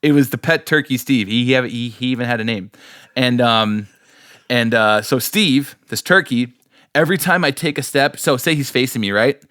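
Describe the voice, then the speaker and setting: Recorded cleanly in a studio without room sound, a man hosts a podcast at a moderate pace in a medium-pitched, slightly bright voice. He laughs frequently while spinning rambling stories in easygoing chat.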